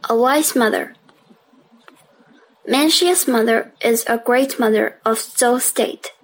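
A woman narrating a children's story at a slow, careful pace. Her voice sits slightly high. She reads with steady, deliberate phrasing. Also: low-quality recording.

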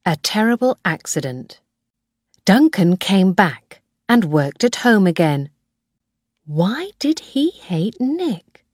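Slow, low-voiced woman narrator. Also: no room sound, clean studio sound. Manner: slow, clear, measured reading. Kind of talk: scripted audiobook narration.

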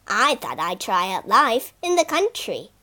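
A cheeky little town mouse from a storybook, eager and coaxing, as a woman reads him out. He talks slowly, and his voice leaps up and down with a bright, high pitch. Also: sing-song, exaggerated voice. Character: sly, stylish male town mouse.

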